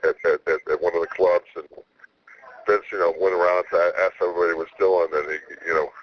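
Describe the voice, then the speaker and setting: A man with a very deep voice answers interview questions in an easygoing way. He rambles and trips over his words, restarting phrases again and again. The radio recording is a little muffled, with a faint hiss underneath. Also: level tone, fast. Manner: rambling, with many stammered restarts; laid-back. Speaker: wrestler guest. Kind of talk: casual interview talk.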